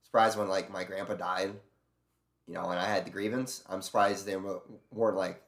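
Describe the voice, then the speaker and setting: A man's voice: low voice, normal speed, fairly bright tone, roomy sound. Man ranting with lots of swearing. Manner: profane, venting, mimics bosses in quoted voices. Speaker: streamer. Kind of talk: casual rant to stream viewers.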